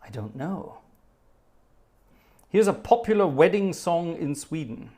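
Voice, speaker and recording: A man in his fifties, an organist, hosts a live stream, chatting casually and reading viewer messages aloud with wry, rambling asides. His voice is mellow and fairly high, with big swings in pitch, and he speaks slowly.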